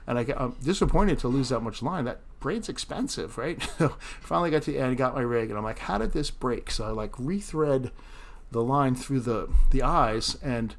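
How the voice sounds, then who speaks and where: A man's voice: mid-range voice, animated, normal speed, slight background noise. A man narrating his fishing vlog in a casual, chatty way, often laughing at himself. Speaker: fishing vlogger.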